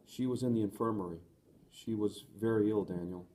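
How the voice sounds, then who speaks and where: A man reading the part of a young woman who is tender and resolute, in an earnest, gentle voice. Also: fairly low pitch, brisk, slight background noise, natural voice. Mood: grieving.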